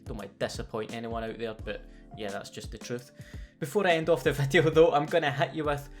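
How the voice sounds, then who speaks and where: A man's voice: mid-range voice, flat delivery, a little fast, music in the background. Sweary sardonic Scottish man. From Scotland. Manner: sardonic and sweary, playful storytelling. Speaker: gaming YouTuber. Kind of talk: scripted comedic commentary.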